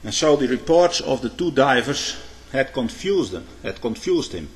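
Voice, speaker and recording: A man preaching a sermon. He tells illustrative stories, pauses on hesitations, and keeps adding a questioning "eh?". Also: medium pitch, very animated. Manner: frequent "eh?" tag questions, halting restarts. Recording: long hall reverb.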